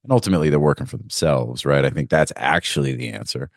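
Deep-voiced man, rambling casual talk. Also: fast talker, no echo, studio quality. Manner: rambling, many "you know" fillers, animated retelling. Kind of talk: casual panel discussion.

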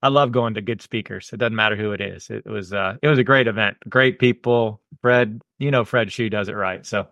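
A man's voice: fairly low pitch, a little fast, vocal fry, hardly any pauses, fairly bright tone, no room sound. A man co-hosting a podcast, talking in a laid-back, rambling and enthusiastic way. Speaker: podcast co-host. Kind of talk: casual chat.

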